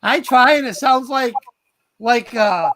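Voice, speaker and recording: A male host in casual chat, excitable and quick to laugh. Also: very high voice, background noise.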